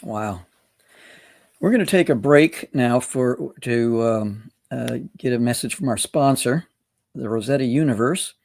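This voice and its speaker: A male interview host talks in a rambling, loose way, circling around his questions. His voice sits at a middling pitch. The sound is dry and close, with no room around it. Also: measured pace, creaky, a little mellow, no echo. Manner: rambling, full of fillers and restarts.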